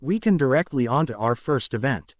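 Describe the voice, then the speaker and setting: A man's voice: mid-range voice, expressive, a little fast, no room sound, studio quality, natural voice. A man voicing a flamboyant, teasing adult female hero who referees a school tournament in a fan-fiction reading.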